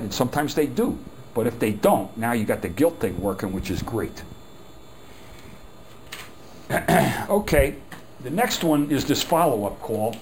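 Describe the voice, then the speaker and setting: A sales trainer gives a workshop lecture in a folksy, rambling style, full of "you know" and punctuated by emphatic, exasperated remarks. His medium-pitched voice is very animated and a little slow, and the rough recording has a bit of hiss or hum.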